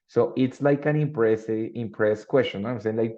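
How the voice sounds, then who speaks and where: Gravelly male teacher. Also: mid-range voice, normal speed, few pauses, warm tone, highs cut off. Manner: switches between English and Spanish, explaining with examples. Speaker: English teacher. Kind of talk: online English class.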